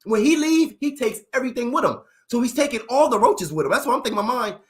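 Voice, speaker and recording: A young adult man telling comedic stories in a profane, animated style, slipping into character voices. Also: extremely high pitch, quick pace. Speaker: comedic storyteller.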